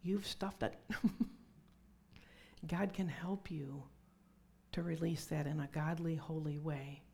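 A woman's voice: sits low, steady tone, takes it slowly, warm tone, breathy edge. A middle-aged woman preaching a conversational sermon with personal testimony, dropping to whispers for emphasis.

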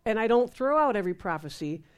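A woman's voice: a little high, quick pace, clean tone. Woman ministry speaker, storytelling testimony, voices the quotes. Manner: lively, acts out dialogue in quoted voices.

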